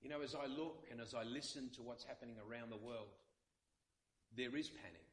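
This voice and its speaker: A man's voice: medium pitch, fairly quick, fairly bright tone, roomy sound. A male pastor, possibly, delivering an earnest sermon with many repeated phrases. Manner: earnest, repetitive preaching with dramatic quotes.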